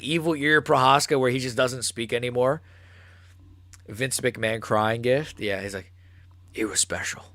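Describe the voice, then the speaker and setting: A young man hosting a live fight reaction stream, ranting excitably and swearing, recorded close to the mic. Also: medium pitch, no room sound. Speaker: MMA channel host.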